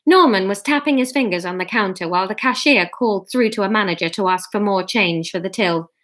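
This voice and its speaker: A woman's voice: medium pitch, fairly quick, fairly bright tone. A woman reading a story chapter aloud, breaking off for giggly, self-mocking asides.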